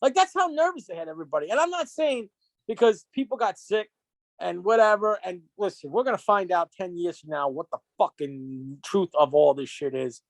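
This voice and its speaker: A man's voice: high voice, fairly quick, dry recording. A man co-hosting a casual podcast, swearing freely and acting out quotes as he tells stories. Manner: profane, storytelling with acted-out quotes. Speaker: podcast co-host.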